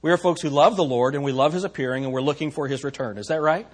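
A man's voice: on the high side, fast. A man preaching a sermon to his congregation, asking rhetorical questions and stressing his points. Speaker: pastor.

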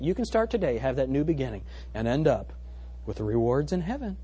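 A male pastor preaching a sermon to his congregation, animated, firing rhetorical questions and calling for amens. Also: mid-range voice, a little fast, slightly rough. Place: church service before a congregation.

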